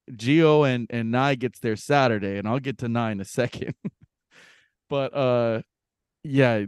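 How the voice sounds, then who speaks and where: Clear and resonant, a man's mid-range voice comes through a dry, studio-quality recording. He's a podcast co-host in a casual chat, telling a story with plenty of laughter and swearing while animatedly acting out people's quotes.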